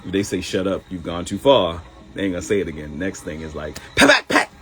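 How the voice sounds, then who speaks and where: A middle-aged man, a comedian hosting his own live show, telling stories in an animated, joking way. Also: low voice, quick pace, faint music behind, low-quality recording.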